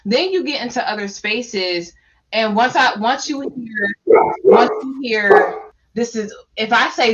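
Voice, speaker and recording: A woman's voice: on the high side, lively intonation, measured pace, fairly bright tone. A woman from New Jersey with a New Jersey accent speaking on a panel. She is emphatic and often restarts her phrases. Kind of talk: panel discussion. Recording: slightly dull lo-fi audio.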